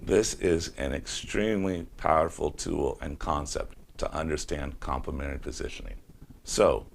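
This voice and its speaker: A man's voice: rumbling low, moderate pace, gravelly, slight background noise. A man teaching a self-mastery lesson in a conversational way, sometimes acting out the voices he quotes. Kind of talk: teaching talk.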